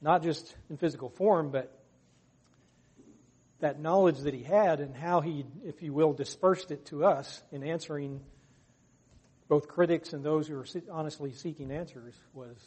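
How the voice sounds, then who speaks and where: A man with a somewhat high, husky voice leads a Bible study discussion. He speaks earnestly and rises in pitch and volume when he acts out quoted speech. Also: normal speed, a little mellow. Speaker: discussion leader.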